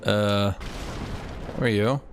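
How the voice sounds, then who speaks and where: A man's voice: on the low side, steady tone, slow pace, background noise. A young man streaming a game, casually joking and talking straight to his chat. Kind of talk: casual live-stream commentary.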